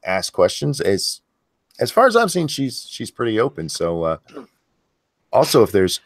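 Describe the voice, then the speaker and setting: A man's voice: lowish voice, huge pitch swings, normal speed, no echo, clean studio sound. A man hosting a live stream, talking in a blunt, profane, casual way and reading chat messages aloud. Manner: blunt and profane, many fillers and restarts. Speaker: host of a live stream show.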